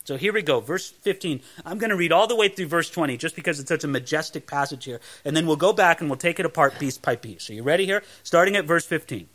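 A man's voice: a little high, fast, few pauses, a bit bright. A man preaching a verse-by-verse Bible sermon, emphatic, repeating phrases and asking the listeners questions.

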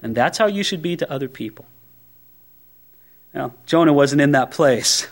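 A man preaching a sermon as a pastor, conversational and animated, with many rhetorical questions. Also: a little high, moderate pace.

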